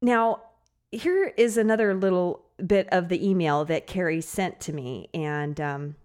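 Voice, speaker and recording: A woman's voice: on the low side, measured pace, darkish tone, clear, resonant tone. A woman hosting a podcast who chats casually, laughs often mid-sentence and reads listener emails aloud. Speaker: podcast host.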